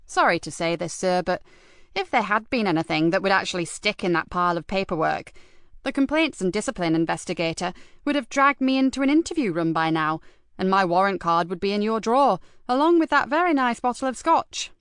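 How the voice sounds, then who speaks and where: In this audiobook, a woman voices a hard-drinking, sardonic female detective inspector, giving her sarcastic, defiant lines a raised, emphatic delivery. Her medium-pitched voice is expressive and a little fast, with a clean, natural tone recorded at studio quality with no room sound.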